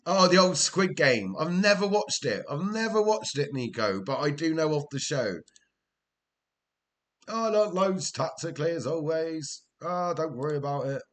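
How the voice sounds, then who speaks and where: A man's voice: a little high, lively intonation, moderate pace, a bit bright. Chatty male game streamer. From Wales. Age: older. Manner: rambling and chatty, chuckles often. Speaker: streamer playing a football management game. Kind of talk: casual live-stream chat with viewers.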